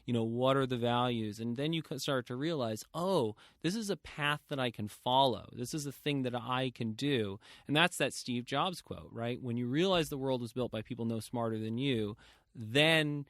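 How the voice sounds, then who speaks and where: Guy hosting a podcast, mid pitch, rambles with lots of "you know", dry close sound. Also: normal speed, no room sound. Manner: rambling, animated, frequent fillers and quoted asides. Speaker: podcast host. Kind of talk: casual interview chat.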